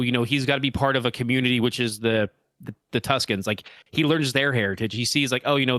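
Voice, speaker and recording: A man with a mid-pitched voice talking casually on a podcast, thinking out loud and searching for his words. The recording is close and dry, with no room sound. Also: no echo. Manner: thoughtful, searching for words, many fillers. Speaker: podcast co-host. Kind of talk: casual chat.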